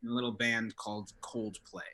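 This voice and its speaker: A man playing a deadpan, rambling college drug dealer turned drummer on an improvised comedy podcast. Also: lowish voice, a little fast. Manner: rambling, deadpan tall tales. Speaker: guest playing a character.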